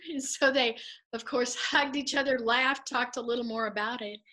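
A middle-aged woman, a guest, telling a personal faith story in an animated way, laughing often and acting out what others said. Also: a little high, normal speed, rough recording.

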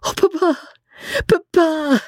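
A woman voicing a gentle young widow, speaking high and breathless with emotion. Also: slow pace, no echo, clean studio sound. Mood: overjoyed.

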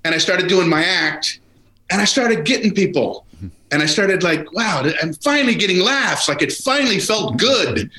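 A man swapping stories as a guest, his tone bright and lively, with big swings up and down as he acts out crowds and other characters. The recording carries noticeable room echo. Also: sits high, moderate pace. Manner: animated, acts out crowds and other people in exaggerated voices. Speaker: guest comedian. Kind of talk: storytelling in casual conversation. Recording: roomy echo.

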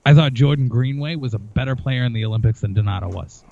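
A man's voice: medium pitch, fast, gravelly, dark tone, no echo, dull audio. A man on a podcast in casual sports chat, blunt and heavy on swearing, ranting with heat. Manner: blunt, profane, heated ranting. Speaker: podcast co-host.

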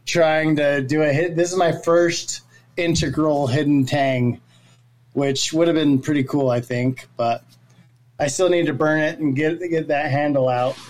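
A fairly high-voiced man from North Florida, talking in an easy, chatty way as a podcast guest. He speaks loosely and laughs often. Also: fairly even intonation, unhurried, darkish tone. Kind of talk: casual chat.

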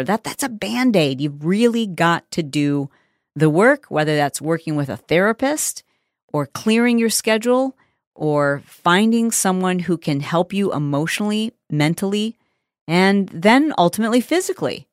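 A woman's voice: lowish voice, lively intonation, moderate pace, dry recording, studio quality. A middle-aged woman hosting a podcast, telling a personal story in a candid, emotional, self-reflective way. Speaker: podcast host.

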